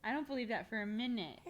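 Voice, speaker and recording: A woman streamer chatting casually and using playful baby talk with an infant. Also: mid-range voice. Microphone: desk microphone.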